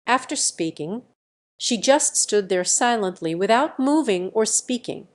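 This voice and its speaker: A woman's voice: medium pitch, expressive, unhurried. A woman narrating a romance story in a scripted audiobook reading.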